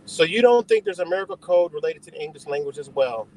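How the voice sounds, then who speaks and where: A man's voice: fairly high pitch, animated, quick pace, darkish tone, slight background noise, poor audio. A man hosting a live stream, rambling and swearing as he confronts his chat and answers their questions. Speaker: livestream host. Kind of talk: ranting live stream talk.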